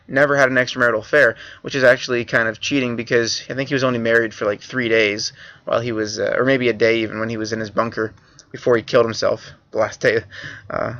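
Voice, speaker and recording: A man's voice: mid-range voice, a bit bright, highs cut off. A male history teacher giving a casual classroom review lecture with joking asides.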